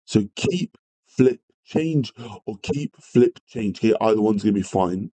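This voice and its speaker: A man's voice: on the low side, animated, a little slow, warm tone, rough recording. A man teaching a live maths revision lesson, greeting viewers and apologising often as he works through problems. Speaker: maths tutor.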